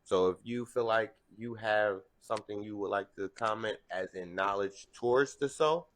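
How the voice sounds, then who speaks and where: A man's voice: fairly low pitch, normal speed. A man giving an earnest, preachy monologue straight to his viewers. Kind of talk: direct-to-camera opinion monologue.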